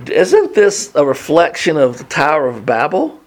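A man's voice: on the high side, huge pitch swings, normal speed. Enthusiastic man talking through scripture. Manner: enthusiastic, reads scripture aloud then comments. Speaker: Bible teacher. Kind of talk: casual Bible study talk.

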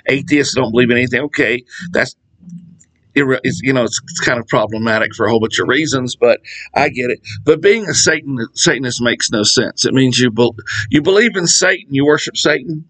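A middle-aged man giving a casual Bible study talk, animated and digressive, laughing at his own jokes. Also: medium pitch, brisk, poor audio. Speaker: Bible teacher.

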